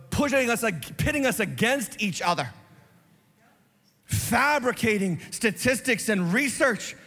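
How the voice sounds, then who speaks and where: A male pastor preaching an impassioned sermon, sometimes shouting. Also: high voice, big-room sound. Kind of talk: fiery sermon.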